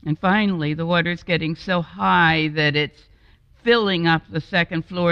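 Woman preaching slow, gravelly, kinda bright, lo-fi and dry. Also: deep voice, no room sound, in a large hall. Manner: slow, expressive, with acted voices. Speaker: guest preacher. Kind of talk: storytelling sermon. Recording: dull, lo-fi and dry.

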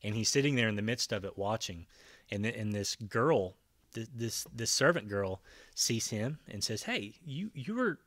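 Low-voiced man preaching a sermon. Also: moderate pace, no echo, studio quality. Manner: retells scenes with lively voiced quotes, frequent fillers and restarts. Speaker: pastor. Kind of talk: conversational Bible-teaching sermon.

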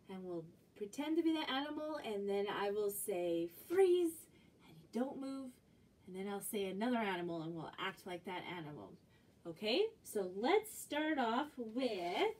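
Speaking with a slightly high, breathy voice, a librarian from Canada leads little children through action rhymes and animal games in a bright sing-song way. It's a music and movement class for kids, and she is recorded from some distance away from the microphone.

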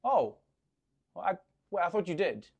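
A man's voice: sits high, sing-song, normal speed, gravelly, breathy edge. A man hosting a comedic late-night segment, wry and playfully flustered, stammering in the banter. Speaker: host.

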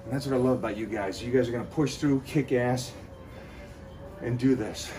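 Over music, a fitness vlogger with a medium-pitched voice and moderate pace talks straight to his viewers while doing cardio. Out of breath, he gives a motivational pep talk urging them to keep pushing.

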